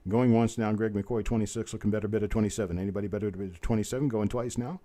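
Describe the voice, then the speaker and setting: A man's voice: lowish voice, fairly even intonation, dark tone. A man hosting a live coin auction, rattling off bid calls between folksy, easygoing chatter. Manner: rapid bid-calling chant mixed with folksy chatter. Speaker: auctioneer host. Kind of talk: live online auction calling.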